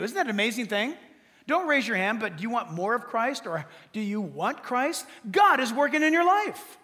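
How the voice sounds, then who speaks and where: A man preaching with a strikingly high voice and a forceful, bright edge. He tells stories with animation and speaks straight to the congregation. A long reverb trails after every phrase, as in a large hall. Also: moderate pace. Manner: animated storytelling, addressing the congregation directly. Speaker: pastor. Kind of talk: sermon.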